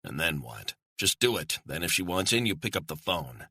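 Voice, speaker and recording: A curt male handler barking clipped orders down the line, as a male narrator puts him on. The voice sits low, husky and sharp-edged, recorded dry and close. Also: big pitch swings, normal speed, no echo, exaggerated voice. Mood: tense, blunt. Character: terse male covert handler on phone.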